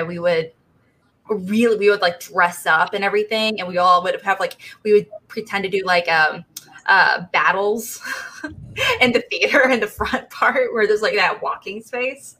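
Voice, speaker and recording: A woman with a bright, forward tone talks on a casual panel. She reminisces in a chatty way, full of fillers and asides. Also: medium pitch, normal speed, poor audio. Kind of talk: casual chat.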